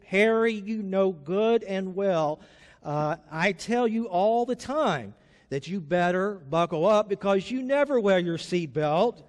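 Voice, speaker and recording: Outspoken, tattling wife, as a pastor puts her on; scolding manner, high voice, chapel echo. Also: lively intonation, slow pace.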